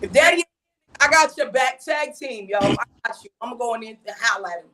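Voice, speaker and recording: A woman with a high voice talks in a casual podcast chat. She is emphatic and full of street slang, and she keeps circling back with "you know what I mean". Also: fairly quick, background noise. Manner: animated, emphatic storytelling. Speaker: mother and podcast guest.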